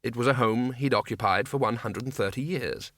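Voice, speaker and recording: Casting: male audiobook narrator, bright and lively, dry close sound. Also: medium pitch, brisk, no echo. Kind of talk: scripted narration.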